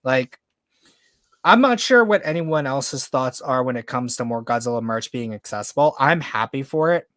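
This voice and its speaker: A man's voice: medium pitch, lively intonation, moderate pace, fairly bright tone, dry recording, studio quality. A man hosting a casual podcast chat, loose and joking, with lots of "like". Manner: loose, joking, heavy use of "like". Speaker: podcast host.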